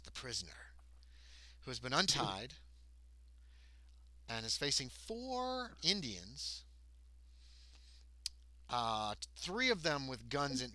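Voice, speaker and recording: Bright-voiced male game master. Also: medium pitch, big pitch swings, slow pace, pauses often, no echo. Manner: rambling narration with many ums and self-corrections. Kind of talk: narrating a tabletop game.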